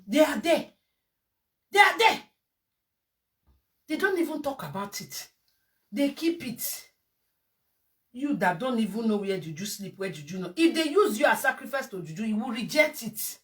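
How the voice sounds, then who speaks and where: A woman's voice: fairly high pitch, big pitch swings, moderate pace. A woman with a Nigerian accent, ranting and scolding in a heated video monologue. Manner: scolding, heated, mixes Pidgin and Yoruba phrases. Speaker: vlogger. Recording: distant from the mic.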